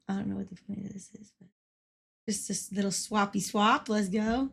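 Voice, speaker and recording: A woman's voice: mid-range voice, steady tone, moderate pace, gravelly, husky. A woman livestreaming in a casual, playful way, giggling and swearing now and then as she chats.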